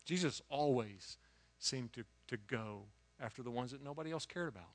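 A man preaching a sermon, telling a story with lively swings from quiet asides to loud exclamations and frequent restarts of words. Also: mid-range voice, moderate pace.

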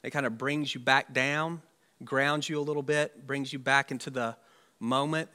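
A man's voice: mid-range voice, steady tone, moderate pace, sharp tone. A man, a pastor, preaching an Easter sermon in a conversational, musing way with rhetorical asides.

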